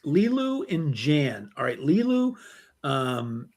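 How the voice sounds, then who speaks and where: A man's voice: a little high, takes it slowly. A man hosting a casual group podcast, keeping time and laughing along with the panel. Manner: animated, laughing, calls time. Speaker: podcast host. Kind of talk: casual group game show chat.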